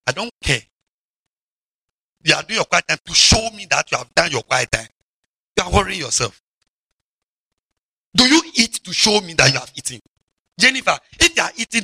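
A man preaching a lively sermon as a bishop, mocking and shouting for emphasis. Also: high-pitched, moderate pace, vocal fry, pauses often, husky, dry recording.

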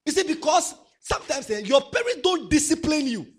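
A man preaching a sermon to young people. He swings from soft asides to loud exhortation. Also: very high-pitched, lively intonation, brisk.

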